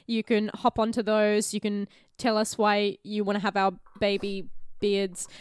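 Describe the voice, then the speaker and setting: A woman's voice: mid-range voice, completely flat delivery, measured pace, smooth, no echo. A woman co-hosting a podcast, chatty and giggly in casual conversation. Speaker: podcast co-host. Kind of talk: casual chat.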